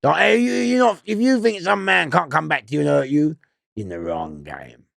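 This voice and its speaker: Gravelly man telling stories. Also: on the high side, lively intonation, normal speed, no room sound, studio quality. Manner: gravelly, laughs loudly at own stories. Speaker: guest storyteller. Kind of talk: casual anecdote.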